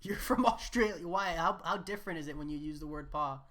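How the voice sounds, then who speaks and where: A young woman with a notably low voice, chatting casually while she streams a game. She laughs easily and reads viewers' comments out loud. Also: fairly quick. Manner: chatty, laughs often, reads chat aloud. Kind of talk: casual live-stream chat.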